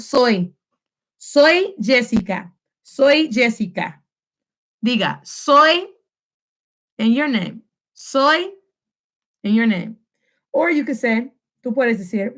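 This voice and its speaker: A woman teaching a Spanish lesson from home, drilling phrases slowly for the listener to repeat and mixing English and Spanish mid-sentence. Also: on the high side. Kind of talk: home-recorded language lesson.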